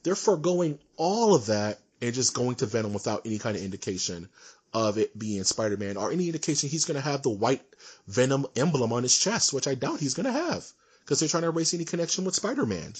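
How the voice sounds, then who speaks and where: A young man with a husky voice rants in casual podcast chat, animated and quick to laugh. His pitch sits in an ordinary middle range. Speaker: podcast co-host.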